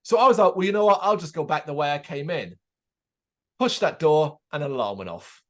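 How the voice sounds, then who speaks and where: A man talks at a quick clip in a fairly high voice as he co-hosts a casual chat. He tells his story with energy, acting out the people in it and swearing freely along the way. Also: animated. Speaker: podcast co-host.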